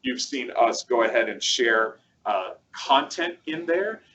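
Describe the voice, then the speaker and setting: A man's voice: medium pitch, animated, a little slow, a bit bright, a little hiss or hum, poor audio. A man co-hosting a casual webcast, chatty and rambling with plenty of fillers as he walks through a product demo. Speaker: co-host presenting a product demo.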